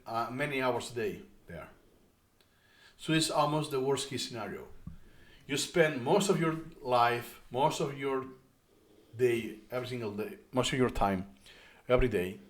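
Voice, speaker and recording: A man in his own video commentary, speaking as an educator with a mid-range voice. His intonation rises and falls in lively swings. He is emphatic and often backs up to rephrase mid-sentence. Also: medium pitch. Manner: animated, emphatic, restarts phrases. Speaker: educator and tutor. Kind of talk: talking-head commentary on learning.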